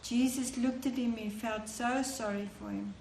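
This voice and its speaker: A woman's voice: on the high side, fairly even intonation, creaky, echoey room, slight background noise. A woman telling a Bible story to children as a storyteller. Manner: slow, warm-toned teaching to children. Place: church hall.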